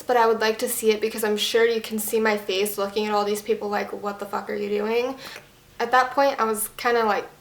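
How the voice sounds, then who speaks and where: A woman's voice: a little high, a bit bright. Young woman, vlogger, casual storytime, chatty with fillers, echoey room.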